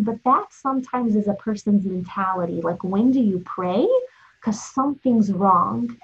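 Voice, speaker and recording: A woman's voice: medium pitch, moderate pace, husky. A woman giving an inspirational Torah talk, telling stories and asking rhetorical questions. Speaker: Torah teacher. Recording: dull lo-fi recording.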